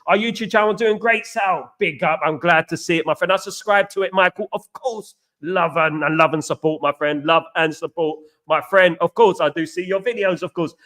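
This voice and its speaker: Bloke hosting a footy live stream, slightly high voice, chatty, big-ups his viewers one by one. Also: normal speed, hardly any pauses, a bit bright. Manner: chatty, greets viewers by name, keeps repeating stock phrases. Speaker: football channel host. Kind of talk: live stream chat answering viewer comments.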